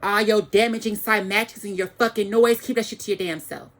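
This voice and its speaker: A woman's voice: medium pitch, steady tone, brisk. A woman giving an angry, profane ranting monologue to the camera, repeating phrases for emphasis.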